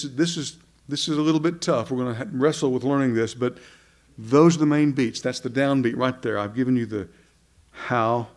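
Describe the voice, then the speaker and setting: Man, leading a group in learning a hymn; halting, reads verses aloud. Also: medium pitch. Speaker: song leader teaching a hymn. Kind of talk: teaching a group a new hymn.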